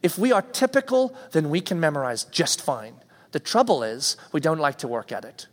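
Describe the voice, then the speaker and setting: A man gives a conversational sermon, voice sitting a touch higher than usual. He acts out everyday reactions as he preaches. A long hall reverb trails behind every line. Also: very animated, normal speed.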